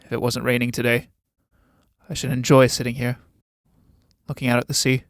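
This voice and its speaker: A domineering old military captain in a read-aloud play, measured and condescending in every command. A man acts him out in a dry, close recording with a mid-range voice. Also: medium pitch, level tone, dry recording, natural voice.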